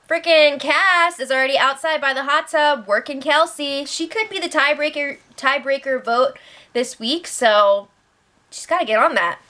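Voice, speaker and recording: A woman's voice: high-pitched, normal speed, pushed and bright. A young woman recapping a reality show in a chatty, sarcastic way, acting out what the players said. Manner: chatty, sarcastic, retells with quoted voices. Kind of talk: casual recap commentary.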